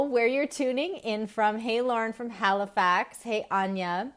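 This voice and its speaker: A woman's voice: fairly high pitch, fairly even intonation, measured pace. A woman from Massachusetts in her forties, hosting a live stream on women's health, chatting and laughing as she greets viewers by name.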